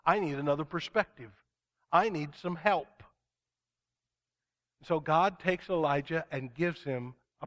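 A pastor preaching a sermon in an earnest, emphatic way, slowing down to stress key words. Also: male voice, a little high.

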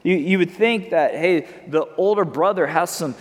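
High-voiced man preaching in a hall. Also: normal speed. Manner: conversational preaching with frequent word repeats. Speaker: pastor. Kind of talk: sermon. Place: church hall with congregation. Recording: long hall reverb.

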